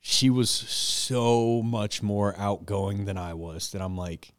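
A man casually telling an animated, self-mocking story and laughing along the way. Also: lowish voice, takes it slowly, dry recording, studio quality.

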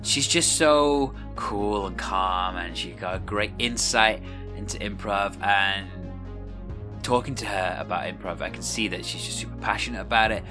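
A man's voice: lowish voice, moderate pace, music in the background. A man hosting a podcast, talking casually with many hesitations and laughing along with his guest. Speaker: podcast host. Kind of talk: casual interview chat.

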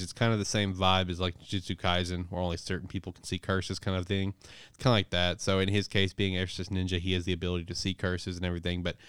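A man hosting a casual podcast, recapping a manga chapter in a profane, rambling, animated way. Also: deep voice, clean tone, dry recording. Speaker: podcast host reviewing manga. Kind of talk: casual chat.

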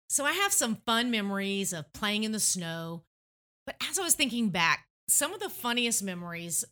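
A woman from Tennessee hosting a faith podcast, telling stories in an earnest, reminiscing way. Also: mid-range voice. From Tennessee, USA. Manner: warm, earnest, reminiscing storyteller. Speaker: podcast host.

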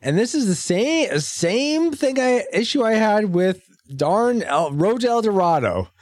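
A man co-hosting a casual movie review podcast, ranting in an animated, exasperated way. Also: high-pitched, a little slow, no room sound, clean studio sound. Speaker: podcast co-host.

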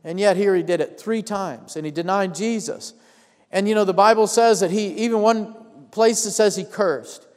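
A man's voice: high-pitched, normal speed, darkish tone, in a large hall. A pastor preaching a sermon, telling a Bible story and calling out to his congregation.

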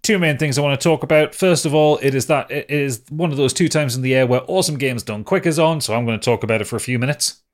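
A man's voice: mid-range voice, fast. A man co-hosting a podcast in casual chat, rambling with lots of fillers and casual swearing. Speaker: podcast co-host.

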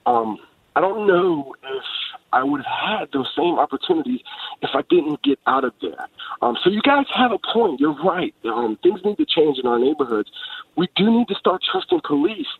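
Earnest caller on a tinny phone line. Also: male voice, a little high, sing-song, creaky, recorded from a distance. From New Jersey. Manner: halting, earnest, many ums and repeated words. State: choked up. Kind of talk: call-in radio testimony.

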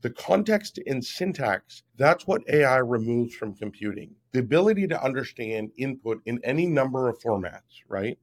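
A man in his fifties talks as a guest on an interview show. He explains things in an emphatic, step-by-step way and often checks in with "right?". His voice sits at a middle pitch. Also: sing-song, moderate pace, hardly any pauses. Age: 50s. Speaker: guest, app founder. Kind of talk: podcast interview.

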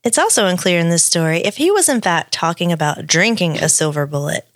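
A woman's voice: lowish voice, animated, a little fast, no room sound. Lady reading a spooky story on a podcast, lots of swoop in her voice, dry mic. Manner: reads the script with playful asides. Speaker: podcast co-host. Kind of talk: casual chat, reading a story aloud.

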